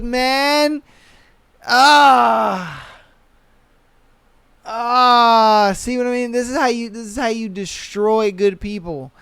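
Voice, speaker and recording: A man's voice: very high-pitched, slow pace, pauses often, fairly bright tone, smooth, no echo. A young man hosting a podcast, ranting in a casual, exasperated and profane way. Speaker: podcast host. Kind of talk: casual reaction rant.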